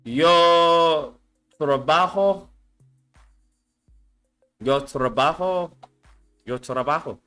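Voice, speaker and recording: A man chats casually on a live stream in an unhurried drawl, muttering words over and over as he practices them. He curses freely while he puzzles things out, and his voice sits a little high. Faint music plays behind him. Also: pushed and bright, smooth. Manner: swears a lot, thinks aloud, repeats words to practice. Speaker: streamer reacting to a language lesson.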